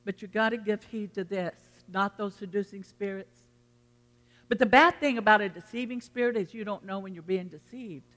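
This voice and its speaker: Bright-voiced pastor preaching in a hall. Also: medium pitch, moderate pace. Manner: storytelling preacher, folksy and earnest. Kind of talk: sermon. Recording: long reverb of a hall.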